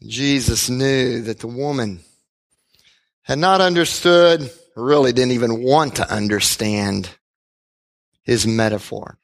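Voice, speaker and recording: A man preaching a sermon, retelling a scripture story in an animated way and acting out its characters. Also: mid-range voice, takes it slowly, gravelly. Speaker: pastor.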